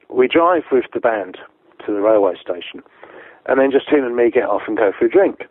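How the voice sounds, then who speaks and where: A man's voice: mid-range voice, lively intonation, brisk, no echo, phone-quality sound. A man telling a long, profane tour story in a casual way, laughing often and acting out what other people said. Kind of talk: casual anecdote, sweary storytelling.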